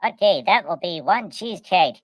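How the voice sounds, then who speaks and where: A woman's voice: lowish voice, expressive, moderate pace, dry recording, pitched above the performer's own voice. A woman voicing a fussy, bargaining male dolphin in a chirpy storytelling voice.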